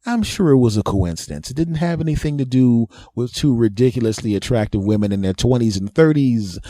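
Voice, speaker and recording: Middle-aged guy doing a goofy self-roasting story, mellow voice, dry sound. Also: mid-range voice, animated, a little fast, no room sound. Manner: self-mocking, boastful, laughs at own jokes. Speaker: comedy podcast host. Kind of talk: comic storytelling monologue.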